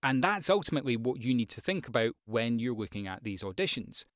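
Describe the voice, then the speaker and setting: A man's voice: medium pitch, very animated, fairly quick, a bit bright, no room sound. Frank man, dry close mic. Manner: conversational, frank, with frequent ums and asides. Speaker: voice-over artist giving career tips. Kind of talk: casual advice talk to camera.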